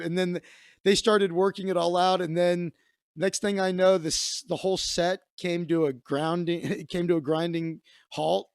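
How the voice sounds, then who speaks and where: A man's voice: a little high, a little slow, clear, resonant tone, dry recording, studio quality. A man hosting a comedy show, telling a rambling story in a casual monologue with asides and laughter. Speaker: comedian host.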